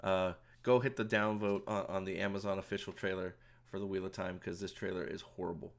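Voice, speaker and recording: A man's voice: low-pitched, flat delivery, brisk. A man giving a heated, indignant commentary to his channel viewers, swearing often and stumbling over repeated words. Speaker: YouTube commentator. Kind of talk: angry ranting commentary.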